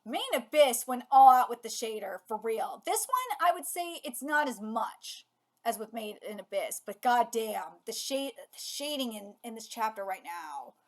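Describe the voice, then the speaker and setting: Excitable high-voiced woman reacting to manga. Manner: excitable, gushing, swears freely. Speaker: channel host.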